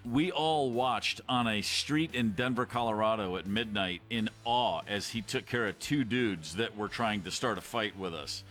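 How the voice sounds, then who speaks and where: A man hosting a podcast, telling an animated anecdote and acting out quotes. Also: on the low side, moderate pace, hardly any pauses, faint music behind. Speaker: podcast host, former rock drummer. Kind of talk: storytelling anecdote.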